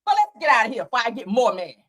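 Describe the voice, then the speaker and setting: A woman's voice: fairly high pitch, sing-song, very fast, a bit bright. A woman hosting a casual gossip show, talking bluntly and profanely in a fired-up way. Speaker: host.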